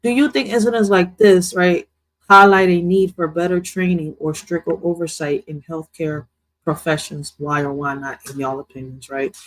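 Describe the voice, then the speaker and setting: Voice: mid-range voice, level tone, moderate pace, poor audio. A host reacts to a news clip in loose, slangy commentary. The delivery rambles, stalls on filler words and often restarts mid-sentence, with a casual, home-desk feel.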